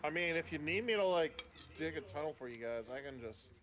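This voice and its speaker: A man's voice: a little high, animated, fairly quick, fairly bright tone, slight background noise. A man chatting casually while gaming with friends, laid-back and teasing. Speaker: gamer on stream.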